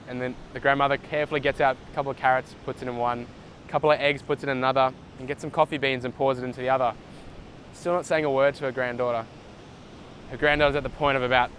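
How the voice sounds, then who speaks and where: Man, motivational vlogger, earnest, encouraging, outdoors, faint traffic rumble. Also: level tone, quick pace, fairly bright tone, low-quality recording. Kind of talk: motivational storytelling. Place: outdoors in the sun near water.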